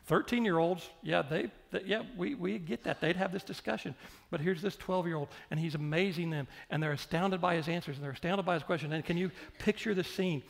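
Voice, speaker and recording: Gravelly male pastor preaching in a hall. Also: sits high, a little fast. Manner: preaching with repetition and direct questions to the congregation. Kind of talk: sermon. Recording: long hall reverb.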